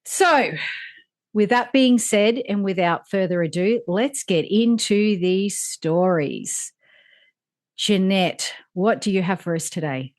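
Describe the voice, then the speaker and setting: A woman hosting a podcast, introducing a guest with enthusiastic, drawn-out phrasing. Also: mid-range voice, expressive, darkish tone. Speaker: podcast host.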